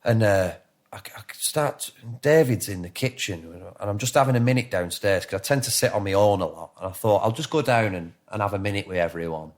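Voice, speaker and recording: This is a man in his thirties with a Lancashire accent, sitting as a guest on a podcast. His voice sits a little low, and he rambles freely, restarting sentences and swearing often. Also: fairly quick. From England. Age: 30s. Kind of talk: casual podcast interview.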